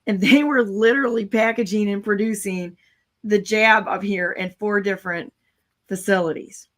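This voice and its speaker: A woman's voice: mid-range voice, steady tone, normal speed, fairly bright tone. A woman hosting a casual talk show, talking bluntly and cynically in long, rambling runs. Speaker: show host.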